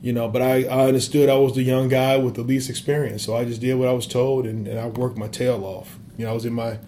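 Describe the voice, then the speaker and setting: A man's voice: medium pitch, level tone, quick pace, warm tone, a little hiss or hum. A man in his thirties from Wisconsin, an assistant basketball coach, answering interview questions earnestly with many fillers. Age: 30s.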